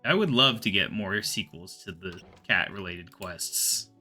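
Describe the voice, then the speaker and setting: A man's voice: low voice, measured pace, soft background music. Man casually commenting on a game. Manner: relaxed, rambling, muttering to himself. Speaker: gaming video host.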